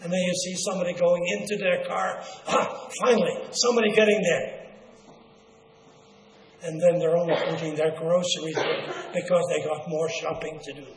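An older man, preaching a slow, earnest sermon. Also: a little high, little pitch movement, a little hiss or hum. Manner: slow, earnest, drawn-out delivery with quoted asides. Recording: echoey hall, faint ambience.

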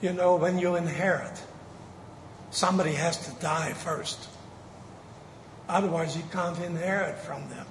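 A man preaching a sermon, slow and emphatic, drawing out the key words. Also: a little high, steady tone, slight background noise. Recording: echoey hall with faint ambience.

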